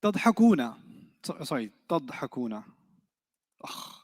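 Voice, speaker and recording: A man teaching an Arabic grammar class, quizzing his students with quick rhetorical questions in a playful, teasing way. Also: mid-range voice, big pitch swings, big-room sound.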